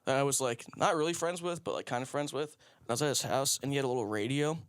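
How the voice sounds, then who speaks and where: A man's voice: mid-range voice, quick pace, clear, resonant tone, dry recording, studio quality. A young man telling rambling, crude stories as a podcast guest, laughing often. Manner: rambling storyteller, laughs a lot. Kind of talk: casual crude chat.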